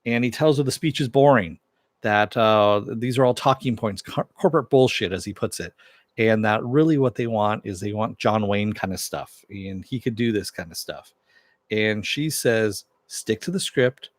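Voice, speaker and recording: A man's voice: fairly low pitch, moderate pace, dry recording. A man giving a casual recap of a TV episode, retelling it loosely with fillers and asides. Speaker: TV episode reviewer.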